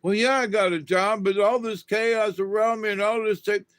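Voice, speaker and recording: A man's voice: high voice, fairly even intonation, moderate pace, fairly bright tone, smooth, dry recording, voice pushed up. A man voicing a whiny, anxious working man who frets and complains about the chaos around him. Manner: whining, flustered complaining.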